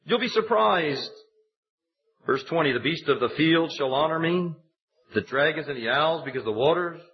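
A man preaching a sermon, telling a personal story and building to high, emphatic exhortation. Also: brisk. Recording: dull lo-fi recording.

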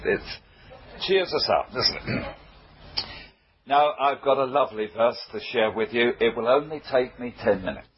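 An older man, preaching a sermon and telling anecdotes with frequent chuckles. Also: medium pitch. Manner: slow, chuckling storyteller. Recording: muffled old recording with faint hiss.

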